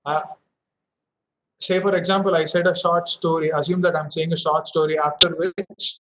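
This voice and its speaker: A man's voice: on the high side, flat delivery, normal speed, heavy background noise. A young man from India teaching a public speaking session over a headset, explaining with frequent fillers and restarts. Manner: explanatory, many fillers and restarts, demonstrates emphasis. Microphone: headphones with mic.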